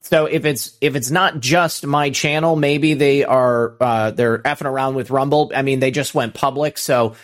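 A man's voice: mid-range voice, steady tone, moderate pace, hardly any pauses. A man hosting a live call-in stream, talking loosely with many fillers and restarts. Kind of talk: casual live-stream talk.

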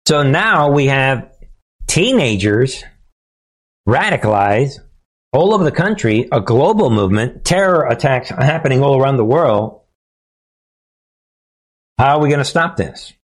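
A man's voice: mid-range voice, very animated, a little slow, pauses often. Emphatic male commentary host. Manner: emphatic, punchy asides, repeated catchphrases; talks straight to viewers with frequent restarts. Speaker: host of a political commentary channel. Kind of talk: casual monologue commentary.

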